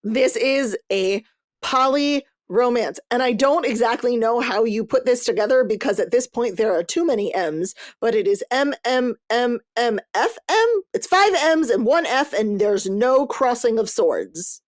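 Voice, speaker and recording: A woman hosting a podcast, chatting casually about books she read, lively and loose, cursing freely as she goes. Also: fairly high pitch, unhurried, no room sound, studio quality. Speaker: podcast host. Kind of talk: casual book review chat.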